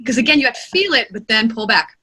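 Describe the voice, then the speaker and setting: Bright-voiced expressive woman narrator. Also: fairly high pitch, quick pace. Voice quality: expressive, animated storyteller. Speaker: audiobook narrator and voice actor. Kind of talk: interview answers.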